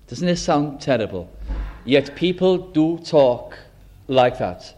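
A man preaching a sermon, possibly, slowing down for emphasis and acting out the boasts of self-righteous people. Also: on the high side. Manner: dramatic, acts out boastful quoted voices, slow emphatic phrasing.

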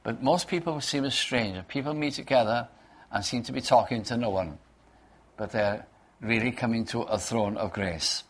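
A man leading a prayer meeting, giving a Bible talk in an unhurried way, repeating key words and quoting old scripture. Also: mid-range voice.

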